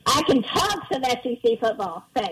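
A woman co-hosts a radio talk show with a teasing, laughing manner. Her voice is high. Loud crowd noise sits behind her. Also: very animated, normal speed, poor audio. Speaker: radio co-host. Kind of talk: casual radio banter.

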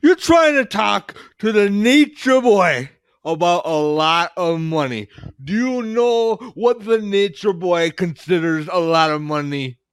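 A man's voice: sits high, lively intonation, measured pace, smooth, no room sound, studio quality. A man doing a boastful old wrestling legend. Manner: drawling, boastful, preachy. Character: boastful aging wrestling legend, brash and preachy.

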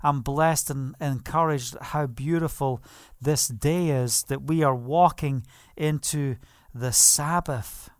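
A man's voice: a little high, slow, no room sound, studio quality. A man preaching a sermon, fervent, asking the listeners questions and laughing now and then. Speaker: pastor.

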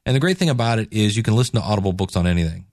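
A man's voice: on the low side, lively intonation, racing, a little mellow, no echo, clean studio sound. A man hosting a podcast, giving a casual devotional talk in a laid-back, conversational way with slangy asides. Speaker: podcast host.

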